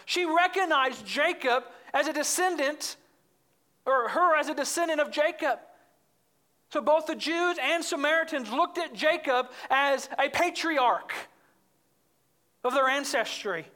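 A woman preaching from the pulpit with a bright, forceful voice. She works through scripture in an expository sermon and presses her points home with emphasis, climbing higher and louder as she builds. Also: unhurried. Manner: emphatic, rises in pitch and volume when stressing points.

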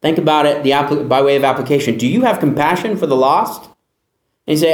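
A man's voice: on the high side, brisk, roomy sound. A man preaching a sermon as pastor, emphatic, asking the listeners pointed rhetorical questions.

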